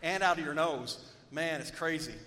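A male pastor preaches in a lively conversational way, joking and calling on his listeners to answer. His voice is bright and sits a little high. The sound carries a long hall reverb with a faint low rumble. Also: moderate pace. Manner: conversational, joking, calls on the congregation. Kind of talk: sermon. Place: church sanctuary.

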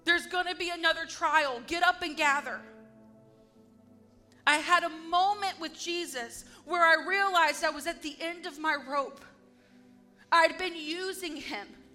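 High bright-voiced woman giving testimony. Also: unhurried, soft background music. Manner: earnest, heartfelt, emphatic. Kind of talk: devotional testimony monologue.

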